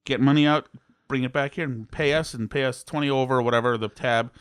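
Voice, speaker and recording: A man voicing a stern restaurant boss in a white suit, questioning in a cold, measured way. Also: medium pitch, steady tone, smooth, dry recording, studio quality, lightly acted.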